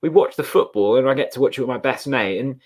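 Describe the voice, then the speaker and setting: A man's voice: medium pitch, fast talker, darkish tone. A man co-hosting a football watchalong, rambling gratefully with lots of fillers. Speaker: fan channel co-host. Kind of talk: casual watchalong chat.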